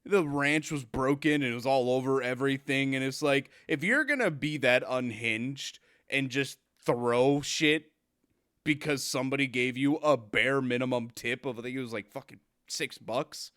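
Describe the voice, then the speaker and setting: Bright-voiced man ranting with heavy swearing. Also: mid-range voice, moderate pace, no echo, clean studio sound. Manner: profane ranting, loud mocking put-on quotes. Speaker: podcast co-host. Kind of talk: casual chat.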